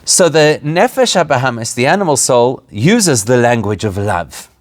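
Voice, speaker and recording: A man's voice: mid-range voice, very animated, moderate pace, dry recording, studio quality. A man, a rabbi, giving an informal spoken lesson, asking rhetorical questions and laughing at his own points. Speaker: rabbi teaching a weekly class.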